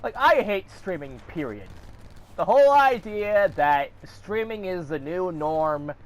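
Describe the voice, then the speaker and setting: A man's voice: high voice, very animated, unhurried. A man delivering a heated, profane rant to camera, swearing often and throwing in sarcastic asides. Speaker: vlogger.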